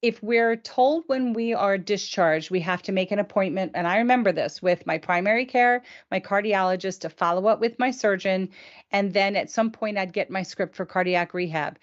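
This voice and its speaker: A woman's voice: mid-range voice, moderate pace, muffled recording. A woman hosting a live Q&A, asking long, chatty questions about patient care. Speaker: host. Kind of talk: live Q&A interview.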